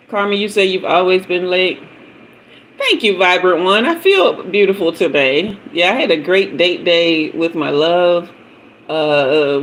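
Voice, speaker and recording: A woman's voice: lowish voice, fairly bright tone, slight background noise, low-quality recording. A middle-aged woman, hosting a casual livestream as a tarot reader, chatting and telling stories with frequent laughter. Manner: chatty storyteller, laughs often, greets commenters by name. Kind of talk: casual live-stream chat.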